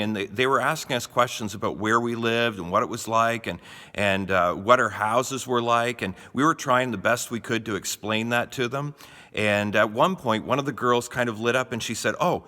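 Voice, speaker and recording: Bright-voiced pastor in a reverberant room. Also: male voice, on the low side. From Canada. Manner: conversational, folksy, with frequent restarts. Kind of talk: short devotional talk. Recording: long reverb, roomy.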